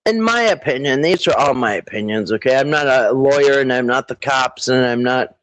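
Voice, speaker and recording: A man hosting a casual live stream, rambling with halting restarts and frequent throat clearing. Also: mid-range voice, a bit bright, no room sound, low-quality recording. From Minnesota.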